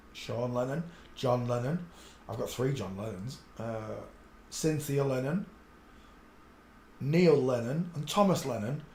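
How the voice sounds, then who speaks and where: The sound is roomy as a man rambles through a solo livestream, searching images and talking to himself. He's blunt and crude, drifting between muttering under his breath and sudden loud, excited bursts.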